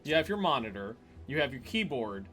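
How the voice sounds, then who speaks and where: A man's voice: medium pitch, sing-song, fairly quick, a bit bright. A man chatting casually on a live stream while playing a strategy game, joking and often chuckling.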